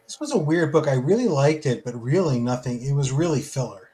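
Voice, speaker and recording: A man's voice: medium pitch, expressive, fairly quick, mellow. A man in a casual book discussion, giving short, laid-back remarks.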